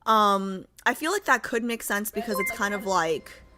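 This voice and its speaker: A woman's voice: medium pitch, normal speed, pushed and bright, a little hiss or hum. A young woman hosting a livestream, chatting casually with viewers in a rambling, filler-heavy way. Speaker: livestream host. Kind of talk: casual chat with live viewers.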